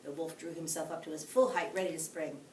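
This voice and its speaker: A woman teacher reading a bedtime story aloud, expressive, with friendly asides to young listeners. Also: deep voice, fast talker. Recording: echoey room, distant mic, faint hiss.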